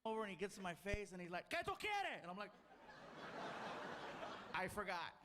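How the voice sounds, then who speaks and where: A man doing a stand-up comedy set, telling an animated story and mimicking people yelling. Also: high voice, a little fast, heavy background noise. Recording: live club show with audience laughter. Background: audience laughter.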